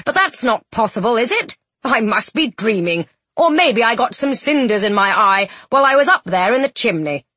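An easygoing young stage actor with a friendly, folksy, joking way of talking, voiced by a woman reading a storybook aloud. His voice runs lively and fairly high, with a soft breathy edge. It sits close and dry in the recording. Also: normal speed, no echo, exaggerated voice. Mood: puzzled.

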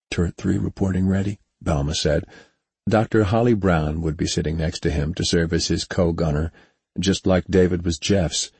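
Male audiobook narrator, low and husky, even unhurried read. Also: no echo.

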